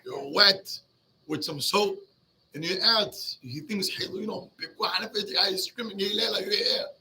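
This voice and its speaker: Lively bright-voiced rabbi. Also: male voice, high voice, unhurried, a little hiss or hum. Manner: lively, mixes Hebrew and English, acts out the characters. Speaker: rabbi teaching a Talmud story. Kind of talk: animated storytelling lesson.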